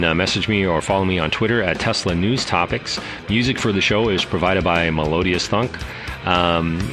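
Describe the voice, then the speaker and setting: A middle-aged man hosting a casual solo podcast, talking in a rambling way with many fillers and restarts. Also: deep voice. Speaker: podcast host.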